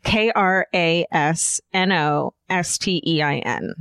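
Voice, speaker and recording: Lower-voiced woman, casual podcast chat. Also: takes it slowly, clear, resonant tone, no echo. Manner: animated, swears freely. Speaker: podcast co-host.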